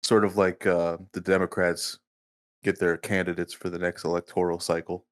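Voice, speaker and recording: Low-voiced man with crude deadpan humor. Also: moderate pace. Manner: crude, mock-serious humor. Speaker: podcast co-host. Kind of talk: casual podcast chat.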